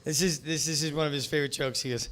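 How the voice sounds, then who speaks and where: A male comedy host keeps things rolling from the stage with loose, profane banter. His voice sits a bit higher than most men's. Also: fairly even intonation, fast talker, fairly bright tone, a little hiss or hum. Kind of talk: emceeing a comedy show.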